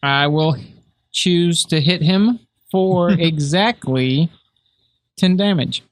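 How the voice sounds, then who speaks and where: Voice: medium pitch, slow, dry recording. A tabletop player talking brashly and casually, with swearing, as they describe attacks. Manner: brash and profane.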